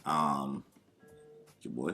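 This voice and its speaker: A man's voice: extremely low pitch, steady tone, drawn-out words, vocal fry, bright, forceful tone, soft background music. A man talking casually and loosely, swearing and trailing off with fillers, as a podcast guest. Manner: laid-back, loose and profane, lots of fillers. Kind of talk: casual chat.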